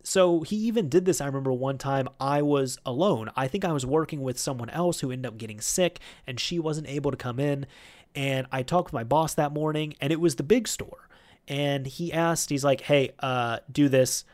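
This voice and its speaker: A man hosting a podcast, telling a rambling story about an old job in a casual, chatty way and getting animated when he quotes other people. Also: a little high, moderate pace. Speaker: podcast host.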